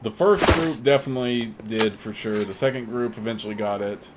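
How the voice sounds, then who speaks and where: A man's voice: medium pitch, a little fast, heavy background noise. Rambling man giving gameplay commentary. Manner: rambling, with fillers and restarts. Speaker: let's play host.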